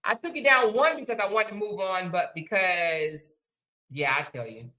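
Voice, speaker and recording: A woman hosting a casual livestream, repeating her points for emphasis and thanking viewers warmly by name. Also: mid-range voice, expressive, normal speed. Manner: emphatic, repeats phrases, preachy then affectionate. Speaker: livestream host. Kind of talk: casual livestream chat reading super chats.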